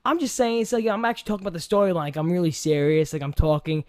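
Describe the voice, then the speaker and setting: A man with a New York accent hosting a casual podcast chat, animated and rambling, laughing often. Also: high voice, rapid-fire, no room sound, studio quality. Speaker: podcast host.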